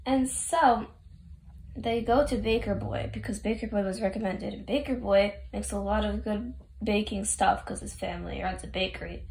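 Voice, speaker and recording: A woman rambles through a casual story recap, chatty and full of offhand asides. Her pitch sits in the middle range, and the room gives her voice a roomy echo. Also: steady tone, normal speed, creaky. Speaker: fan recapping a game story.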